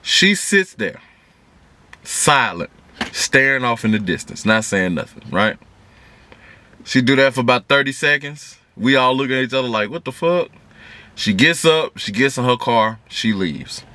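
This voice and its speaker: A man telling an animated, slangy story from his car, acting out every voice he quotes. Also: mid-range voice, unhurried, no room sound. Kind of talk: casual storytime. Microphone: camera in the car.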